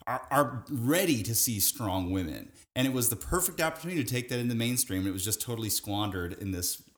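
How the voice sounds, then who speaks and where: A man's voice: mid-range voice, lively intonation, brisk. A man chatting casually on a podcast, ranting with animation and laughing often. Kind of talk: casual chat.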